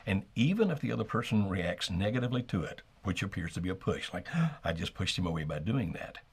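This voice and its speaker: A middle-aged man co-hosting an advice talk, speaking in a measured, steady way and modeling calm phrasing. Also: low voice, creaky, breathy edge. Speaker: co-host giving relationship advice.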